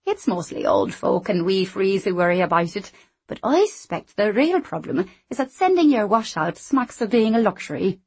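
A woman voicing a brisk, stern middle-aged housekeeper, speaking with raised, emphatic delivery in a storybook reading. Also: medium pitch, big pitch swings, a little mellow, slightly rough. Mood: chatty.

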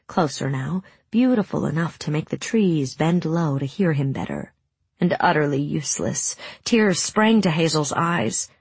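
A woman reading a story aloud in measured, dramatic audiobook narration. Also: low voice, slightly rough, no echo.

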